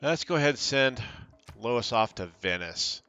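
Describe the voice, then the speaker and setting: A man's voice: medium pitch, lively intonation, normal speed, sharp tone, muffled recording. A man casually commenting on a strategy game as he plays, thinking aloud and reading out options from the screen. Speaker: gaming channel host. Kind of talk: casual let's-play commentary.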